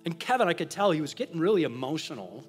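A man preaching a sermon as a pastor and sharing a personal testimony, earnest and confessional, moving between hushed and emphatic delivery. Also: a little high, big pitch swings, fast, faint music behind.

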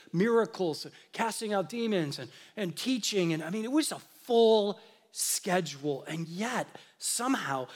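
A man giving a conversational sermon, slowing down for emphasis at key phrases. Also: sits high, big-room sound. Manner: conversational, animated preaching with emphatic slow phrases. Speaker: pastor.

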